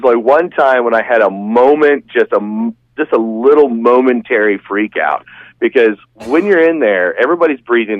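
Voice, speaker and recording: As a guest in a casual podcast chat, a man with a medium-pitched voice tells a long, rambling, enthusiastic story. The recording is dull, dry, and lo-fi, with no room sound.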